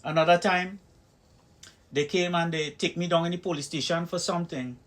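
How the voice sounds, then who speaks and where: A Trinidadian man with a slightly raised pitch tells personal stories straight to camera. He speaks emphatically, his delivery punchy and forceful as he builds his points. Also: fairly even intonation, normal speed. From Trinidad and Tobago. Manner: emphatic storytelling, acting out heated exchanges. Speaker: video commentator. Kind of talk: personal opinion vlog.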